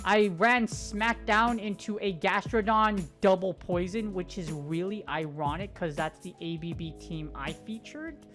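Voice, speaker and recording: A woman giving casual gameplay commentary, excitable and joking, swearing casually as she talks through her matches. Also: medium pitch, measured pace, faint music behind. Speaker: gaming commentator.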